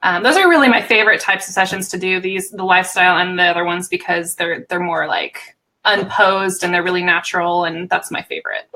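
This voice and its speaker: A woman from the United States, a guest on a casual livestream chat, talking in a relaxed, hesitant way with many ums. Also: lowish voice, fairly quick, slight background noise, poor audio. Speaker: guest, photographer and writer.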